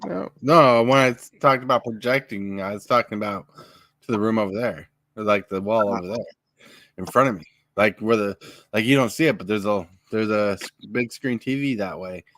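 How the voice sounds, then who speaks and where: A man's voice: fairly low pitch, moderate pace, fairly bright tone, no echo. A man hosting a casual live podcast from his home at night, giving tips on speaking on camera. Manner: coaching, gives tips on projecting voice. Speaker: podcast host. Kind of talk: casual live-stream chat.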